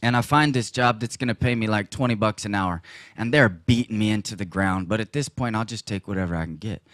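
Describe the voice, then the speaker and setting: A man giving a personal testimony at a church gathering, telling the story with laughs and sudden loud bursts. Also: on the low side, brisk, no echo, clean studio sound.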